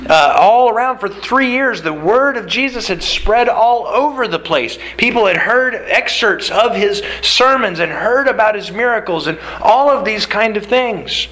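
Animated bright-voiced preacher man. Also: high voice, poor audio. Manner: animated, emphatic storytelling with repeated phrases. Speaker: pastor. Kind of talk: sermon.

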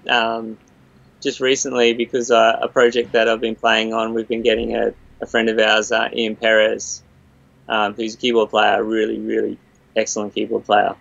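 Gravelly-voiced man in rambling chat. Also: fairly low pitch, monotone, normal speed, a bit bright, no echo, lo-fi sound. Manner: rambling, restarts and quotes others. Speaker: studio guitarist and producer. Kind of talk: casual podcast chat.

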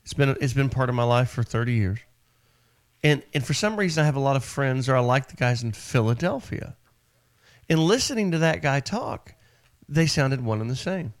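Guy hosting call-in radio, quick and jokey, keeps it moving. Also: mid-range voice, expressive. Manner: brisk, joking, quick to move on. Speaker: radio show host.

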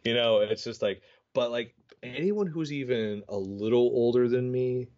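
A man's voice: medium pitch, normal speed, a little mellow. A man in his thirties chatting casually as a podcast co-host, rambling with lots of fillers and poking fun at himself. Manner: rambling, filler-heavy, self-mocking storyteller. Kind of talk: casual chat. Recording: dull lo-fi audio.

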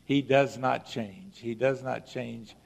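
Gravelly-voiced man preaching in a hall. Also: mid-range voice. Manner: emphatic preaching with dramatic pauses. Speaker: pastor. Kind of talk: sermon.

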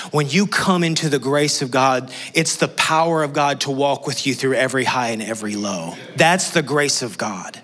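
A man preaching a sermon, earnest, dropping to a soft hush when he voices prayers and quotes. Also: medium pitch, husky. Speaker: pastor.

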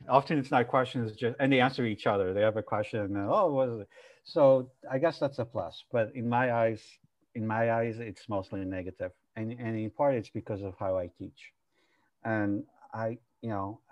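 A man's voice: on the low side, darkish tone. A man, a university professor, talking candidly and with energy in a casual panel discussion over a video call, swearing freely.

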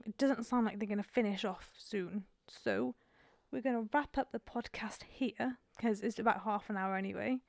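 Her medium-pitched voice carries vocal fry and a darkish tone on a dry recording. She's a podcast co-host in her 20s telling a rambling, self-deprecating story in casual conversation at home, where the door is open and traffic can be heard outside.

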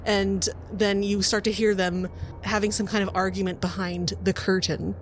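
A woman's voice: medium pitch, little pitch movement, slight background noise. A woman narrating a tabletop game as game master, casual and joking. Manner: casual, laughing, quick asides.

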